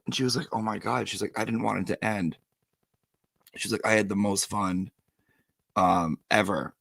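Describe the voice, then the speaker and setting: Dude hosting a stream, kinda low and gravelly, telling stories all animated. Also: male voice, normal speed, pauses often, no room sound. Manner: animated storyteller, reads viewer comments aloud. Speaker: live stream host. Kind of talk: casual livestream chat.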